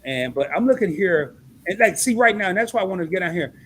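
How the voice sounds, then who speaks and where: A man hosts a live-stream interview with a somewhat high voice. He gets excited and reads comments out loud as he goes. A faint noise sits under his voice. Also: quick pace.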